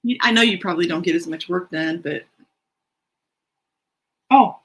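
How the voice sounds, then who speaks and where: Husky chatty woman hosting writing sprints. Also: lowish voice, normal speed, poor audio. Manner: chatty, rambling, self-deprecating with laughs. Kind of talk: casual livestream chat, reading out comments. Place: home room.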